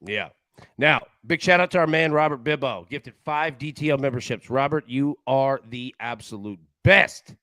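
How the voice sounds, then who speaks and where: A man's voice: mid-range voice, normal speed, sharp tone, no echo. A man hosting a live sports betting show in casual chat, jokey and rambling, laughing often.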